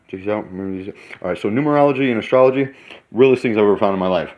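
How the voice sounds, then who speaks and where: A man in his thirties, excitable and rambling in a casual vlog monologue, sometimes talking while eating in a hotel room. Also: lowish voice, fast, dull audio. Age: 30s. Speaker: vlogger.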